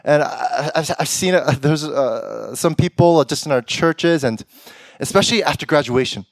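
Young man preaching, lively and joking. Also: on the high side, moderate pace, creaky, no echo, studio quality. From Korean heritage. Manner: animated, humorous, laughs often, voices imagined people. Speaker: pastor. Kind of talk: sermon with acted-out quotes.

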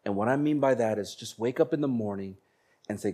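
A man preaching a sermon as a pastor, slowing down to stress key phrases and growing animated when he tells stories. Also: medium pitch, slightly rough. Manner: animated storytelling, bursts of laughter and acted voices; slows down for emphasis on key phrases.

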